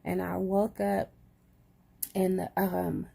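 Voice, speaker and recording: A woman's voice: on the low side, level tone, slow, gravelly, warm tone. A woman chatting casually to camera, groggy after surgery, sprinkling "y'all" through her talk. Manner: chatty, says "y'all" often. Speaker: vlogger.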